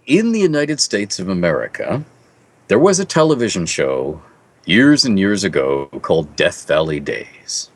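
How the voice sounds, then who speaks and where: A middle-aged man with a low voice that swings widely in pitch, telling stories animatedly as an interview guest. He explains at length and chuckles along. The delivery is casual and expressive. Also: a little slow. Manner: animated storyteller, lively and chuckling. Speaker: fantasy author interviewed as guest.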